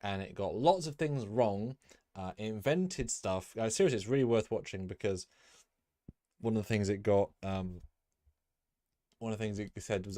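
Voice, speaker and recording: A man's voice: fairly low pitch, brisk, warm tone, no room sound, clean studio sound. A man hosting a casual live stream, rambling with lots of fillers and restarts.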